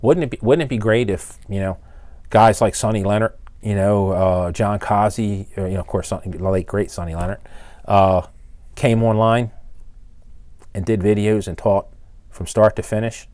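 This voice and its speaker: Blunt older man ranting, low voice. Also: steady tone, normal speed, a little mellow, no echo. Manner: blunt, exasperated, scolding. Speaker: engine builder and channel host. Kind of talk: ranting to camera.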